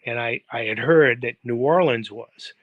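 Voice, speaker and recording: A man's voice: mid-range voice, moderate pace, no room sound, narrow, tinny audio. Older man rambling through old stories. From United States. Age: 70s. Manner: rambling, full of fillers and quoted dialogue. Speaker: guest, football coach. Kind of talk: anecdotal storytelling in an interview. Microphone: video call livestream.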